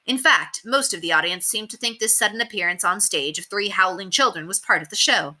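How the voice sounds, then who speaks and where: A woman reading a children's novel aloud in an expressive, animated storytelling voice. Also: fairly low pitch. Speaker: reader.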